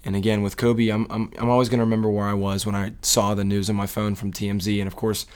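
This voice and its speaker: A man's voice: on the low side, little pitch movement, quick pace, darkish tone, clear, resonant tone. Emotional man rambling about sports. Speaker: sports podcast co-host. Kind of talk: casual sports talk.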